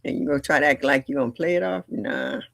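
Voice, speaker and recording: An older woman hosting a livestream, chatting casually and bluntly, telling family stories with animated delivery and laughter. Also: low-pitched, quick pace, gravelly, dry recording, studio quality. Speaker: livestream host. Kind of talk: casual storytelling chat.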